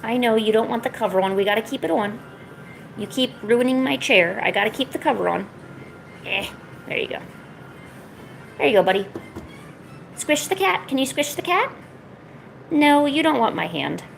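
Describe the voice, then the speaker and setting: A sick woman streaming her drawing, chatting softly to her pets and cooing at them. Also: fairly high pitch, moderate pace, vocal fry, long pauses, low-quality recording. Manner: soft, cooing pet talk. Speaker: art streamer. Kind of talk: casual chat to her pets while drawing. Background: faint music.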